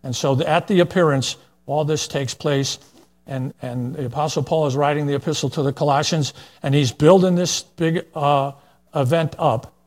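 A man's voice: on the high side, steady tone, moderate pace. An older man preaching a plain-spoken, folksy verse-by-verse sermon, with asides and fillers as he reads scripture.

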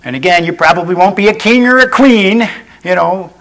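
Preacher guy, highish voice, earnest, says things twice, folksy you-knows. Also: brisk, a bit bright, rough recording. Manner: earnest and repetitive, restating each point, with folksy asides. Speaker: pastor. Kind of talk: sermon.

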